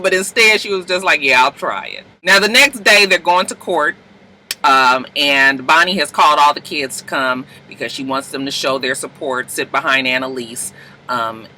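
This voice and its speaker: Animated man recapping with bright energy. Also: sits high, slight background noise, rough recording. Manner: animated, acts out characters' lines in quick voices; profane, laughing asides. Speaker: host recapping TV episodes. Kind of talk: casual recap.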